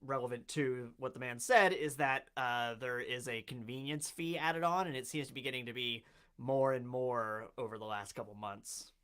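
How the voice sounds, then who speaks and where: A man's voice: medium pitch, normal speed, fairly bright tone, clean tone. A man running a tabletop game as game master, chatty and laughing often.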